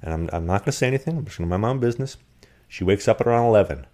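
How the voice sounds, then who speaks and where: A man telling rambling, animated stories in casual chat on a podcast. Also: on the low side, rapid-fire. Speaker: podcast guest. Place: rented apartment.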